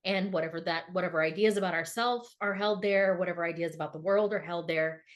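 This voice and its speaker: A woman's voice: on the low side, quick pace. A middle-aged woman speaking earnestly and emphatically in a reflective podcast conversation, often repeating words for emphasis. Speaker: podcast co-host.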